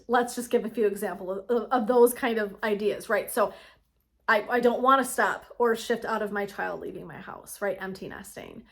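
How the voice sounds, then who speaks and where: Chatty higher-voiced woman coach. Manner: chatty and warm-hearted, often checks in with "right?" and laughs easily. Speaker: women's wellness coach. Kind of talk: casual motivational talk to camera.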